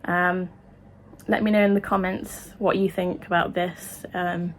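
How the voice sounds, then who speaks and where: A woman speaking her opinion in a vlog, emotional and impassioned, halting with frequent restarts and ums. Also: lowish voice, flat delivery, a little hiss or hum. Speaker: vlogger.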